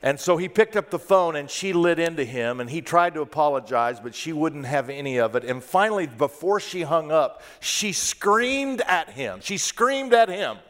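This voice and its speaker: A man's voice: on the high side, big pitch swings, normal speed, hardly any pauses, a bit bright, big-room sound. A man preaching a sermon as pastor, telling a story and talking directly to the congregation in a conversational way. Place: church sanctuary.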